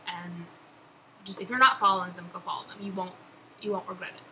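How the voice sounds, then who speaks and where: A woman's voice: on the low side, fairly even intonation, a little fast, pushed and bright, low-quality recording. A young woman chatting casually on her vlog, answering follower questions in a gushing, laughing way. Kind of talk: casual chat. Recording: background noise.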